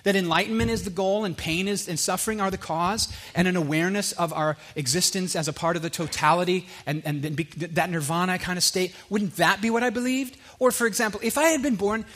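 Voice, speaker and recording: A man giving an earnest personal testimony, animated at times and dropping low and quiet for emphasis. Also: brisk, hardly any pauses. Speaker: speaker sharing his faith story.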